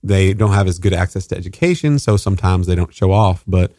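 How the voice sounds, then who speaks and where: A man's voice: deep voice, animated, fairly quick, mellow, no echo, studio quality. A man from Atlanta talking in a hesitant, thoughtful way in casual conversation. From Atlanta, US South.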